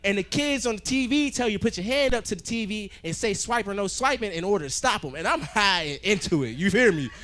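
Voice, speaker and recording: A man doing a stand-up set on a club stage, loud and animated, swearing a lot. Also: sits high, a little fast, few pauses. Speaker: stand-up comedian.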